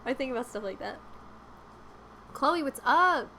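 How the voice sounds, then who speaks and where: A woman's voice: high voice, expressive, a little slow, pushed and bright, a little hiss or hum. Giggly young woman rambling on a stream. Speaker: live streamer. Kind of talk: casual live stream chat.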